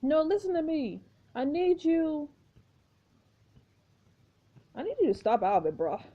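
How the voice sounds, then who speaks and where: A woman's voice: sits high, very animated, unhurried, warm tone, highs cut off, pitched above the performer's own voice. Woman voicing an urgent, pleading protagonist. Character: desperate young protagonist begging for friends.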